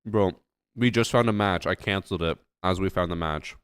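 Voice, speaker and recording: Low-voiced teasing streamer man. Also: normal speed, clear, resonant tone, dry recording. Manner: laid-back, teasing. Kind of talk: casual gaming chat.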